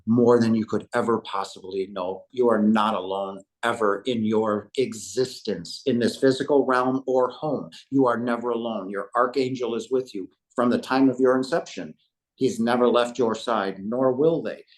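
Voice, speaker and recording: A man in his fifties, a podcast guest, giving an emotional spiritual testimony and addressing listeners like a preacher. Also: mid-range voice. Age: 50s.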